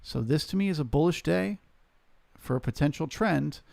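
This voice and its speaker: Male live-stream trading host, gravelly edge, dry close sound, casual explainer. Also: a little high, normal speed, darkish tone, no room sound. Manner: casual, explanatory, market jargon.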